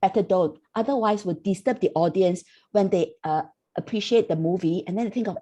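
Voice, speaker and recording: An older woman with a Singaporean English accent explains how dubbing works. She speaks haltingly, pausing on fillers. Her voice has a mellow, soft tone. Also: fairly low pitch. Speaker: panelist, dubbing artist. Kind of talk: casual panel talk.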